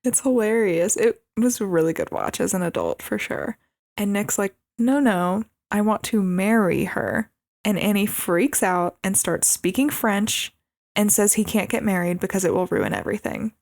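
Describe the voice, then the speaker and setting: A young woman in a mid-range voice with steady vocal fry, talking close to a dry mic. She recaps a movie in relaxed podcast chat, agreeing in quick short replies. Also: medium pitch, dry recording. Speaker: podcast co-host.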